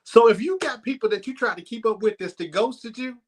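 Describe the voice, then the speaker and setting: A man hosting a church comedy night, telling a story in a lively, laughing way. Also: very high-pitched, brisk, background noise. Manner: animated, laughs while telling. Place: church sanctuary.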